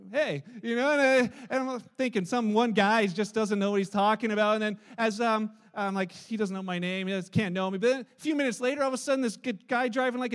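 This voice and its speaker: Canadian guy preaching, really high voice, jokey storytelling with the crowd. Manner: joking, animated storytelling to an audience. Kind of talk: sermon. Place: church hall with live audience.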